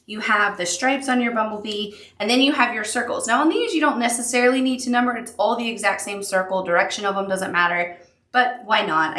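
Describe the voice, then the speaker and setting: A woman's voice: a little high, a bit bright, echoey room. Upbeat woman teaching a quilting tutorial. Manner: upbeat, encouraging, talks the viewer through each step. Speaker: quilting instructor. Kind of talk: step-by-step craft tutorial.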